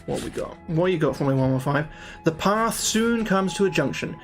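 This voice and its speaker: Over music, a man reads a solo fantasy gamebook aloud on stream and breaks into chatty, profane talk with the people watching. His voice is a little high and animated, his pace moderate.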